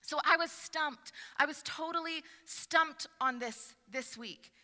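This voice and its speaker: Woman pastor, sermon, expressive, very bright voice, fairly high pitch, long church reverb. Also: slow pace. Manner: expressive, rising to animated emphasis. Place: church sanctuary.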